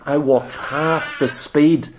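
A man's voice: on the high side, fairly even intonation, takes it slowly, noisy background. A man preaching a sermon emphatically, acting out the voices he quotes. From Ireland. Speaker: pastor.

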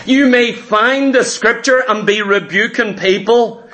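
A man preaching with lively storytelling, slipping into the voices of the people in his stories. His voice sits very high for a man. The tone is bright and forward. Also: measured pace. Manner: animated storytelling, acting out voices of disciples. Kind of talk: sermon.

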